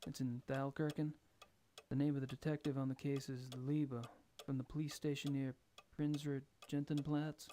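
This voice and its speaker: An actor voicing a calm adult male investigator in a video game, with a low-key, matter-of-fact delivery. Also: moderate pace, a little hiss or hum, natural voice. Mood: level. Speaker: game protagonist.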